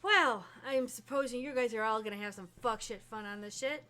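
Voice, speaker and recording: A woman's voice: a little high, fairly quick, pushed and bright, soft background music. A woman narrating as game master of a tabletop game, talking casually and swearing freely. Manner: casual and profane.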